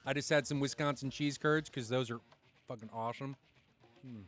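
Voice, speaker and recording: A man commentating a live flight-simulation match stream in a chatty, excitable way, swearing now and then and poking fun at himself. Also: medium pitch, moderate pace, faint music behind. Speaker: esports commentator.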